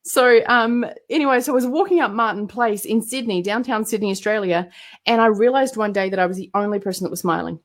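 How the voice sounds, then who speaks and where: A woman with a New Zealand accent tells her story as an interview guest, with a voice in the middle of the usual range for a woman. She talks in a chatty, animated way, full of ums and restarts. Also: medium pitch, fast. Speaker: entrepreneur guest.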